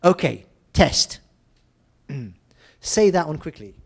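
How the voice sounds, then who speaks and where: An older man lecturing on English pronunciation in a lively way, acting out examples and telling funny anecdotes. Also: on the high side, takes it slowly, slightly rough. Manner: lively, demonstrative, tells humorous anecdotes. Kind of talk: seminar lecture.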